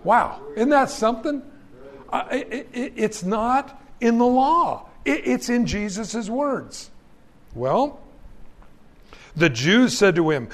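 A man's voice: high voice, big pitch swings, unhurried. A male pastor preaching a sermon, reading scripture aloud and speaking to the congregation as friends in an emphatic, folksy way.

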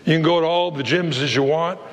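A man preaching a sermon, reading scripture and retelling its stories with lively, comic character voices. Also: on the high side, a little fast, big-room sound. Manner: animated preacher, acts out voices of biblical figures with comic flair. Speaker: pastor.

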